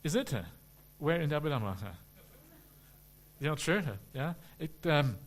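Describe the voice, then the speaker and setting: A man, a Buddhist monk, answering questions at a retreat in a relaxed, humorous way with many "uh" fillers. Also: on the high side, normal speed. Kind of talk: dharma talk question and answer.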